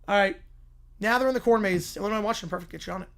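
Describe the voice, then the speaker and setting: A man's voice: high voice, very fast. Laid-back male livestream host. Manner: relaxed, offhand, talking to chat. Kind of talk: casual livestream chat.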